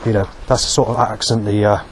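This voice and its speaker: Brief: low-voiced man, rambling vlog monologue, faint street noise behind. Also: little pitch movement, fast. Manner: rambling, with many fillers. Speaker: vlogger. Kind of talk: walking monologue. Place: outdoors on a street.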